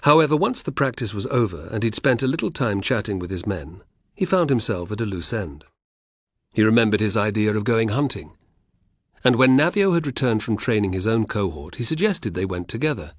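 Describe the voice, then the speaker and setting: Male narrator, lowish husky voice, lively intonation, close dry studio sound. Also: brisk, dry recording. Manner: expressive storytelling. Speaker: audiobook narrator. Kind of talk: scripted narration.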